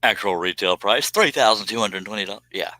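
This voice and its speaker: Man, low voice, very bright and sharp tone, dry close sound, joking, self-deprecating, live-stream host. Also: a little fast, no room sound. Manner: talks while working on a cut. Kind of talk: casual live-stream chat.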